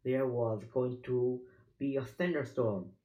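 A reader slowly reading a children's chapter book aloud, stumbling over words now and then. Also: medium pitch, dull audio. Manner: slow, halting reading with slips.

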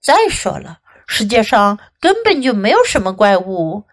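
Woman doing a calm storybook dad. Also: mid-range voice, normal speed, voice pushed down. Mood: reassuring. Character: calm reassuring father pig.

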